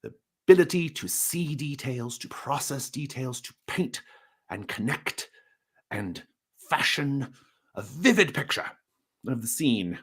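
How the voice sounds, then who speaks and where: A man's voice: medium pitch, animated, a little slow, husky. A man putting on a fussy pompous little detective. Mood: lecturing. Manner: pompous, lecturing.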